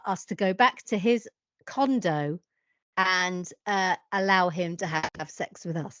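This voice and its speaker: A woman, a podcast guest telling a story in a lively, self-mocking way. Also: mid-range voice, dry recording, muffled recording. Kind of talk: animated anecdote telling.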